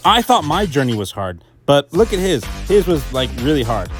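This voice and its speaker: A man's voice: a little high, sing-song, normal speed, soft background music. Casual, jokey male motorcycle vlogger. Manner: jokey, self-mocking. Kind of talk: casual voice-over narration.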